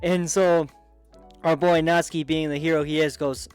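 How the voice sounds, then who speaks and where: A man giving a casual, excitable recap of a manga, chatty and full of restarts and asides. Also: on the high side, normal speed, smooth, soft background music. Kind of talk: casual commentary.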